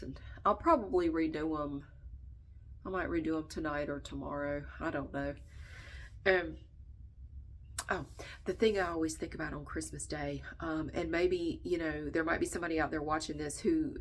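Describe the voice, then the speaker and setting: A woman with a stuffed-up, nasal voice talks casually to her viewers, a little low in pitch. She vents bluntly and swears without a second thought, pausing now and then because she is short of breath. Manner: blunt, venting, swears freely. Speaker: vlogger. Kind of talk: casual chat to camera.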